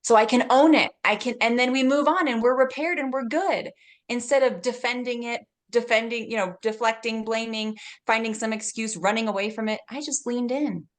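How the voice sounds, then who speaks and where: A woman's voice: on the high side, normal speed. Earnest woman sharing parenting advice. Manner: earnest, laughs often, acts out little dialogues. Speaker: guest speaker. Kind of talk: warm advice talk.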